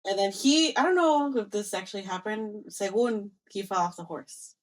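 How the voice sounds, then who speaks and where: A young woman co-hosting a podcast, telling a personal story in a casual, animated way and acting out both sides of past conversations. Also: mid-range voice, normal speed. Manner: animated storyteller, acts out quoted exchanges, mixes in Spanish phrases. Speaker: podcast co-host.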